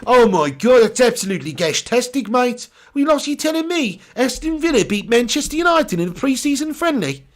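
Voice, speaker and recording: A man's voice: extremely high pitch, sing-song, a little fast, hardly any pauses, pitched above the performer's own voice. A man voicing a gloating football fan from Birmingham, in a put-on Birmingham accent. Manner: mocking, crowing.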